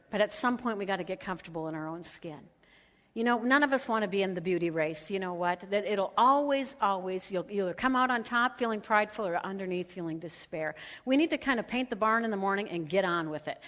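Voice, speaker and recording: A middle-aged woman speaker telling a lively, laughing story at a women's conference, acting out the voices of the people in it. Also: medium pitch. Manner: animated, laughing, acts out quoted voices. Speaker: radio host and conference speaker. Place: large conference hall. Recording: hall reverb.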